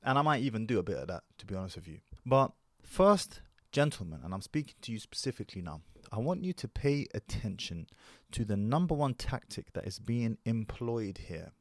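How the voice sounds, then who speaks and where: A man hosting a commentary channel who lectures his audience at a measured pace. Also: on the low side, sing-song, no echo, clean studio sound. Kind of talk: commentary video monologue.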